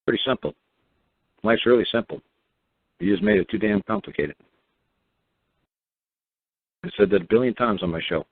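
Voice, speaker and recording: A man's voice: medium pitch, huge pitch swings, moderate pace, gravelly, long pauses, breathy edge, no room sound. A man from New hosts a call-in show, blunt and profane, firing off repeated rhetorical questions. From New York. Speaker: radio show host. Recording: dry, tinny phone-line sound.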